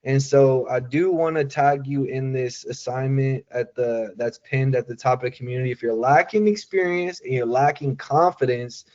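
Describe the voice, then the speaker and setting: A man's voice: mid-range voice, moderate pace, few pauses, darkish tone, muffled recording. A man giving casual sales coaching, talking loosely with lots of fillers and acting out quoted voices. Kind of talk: casual coaching talk on a call.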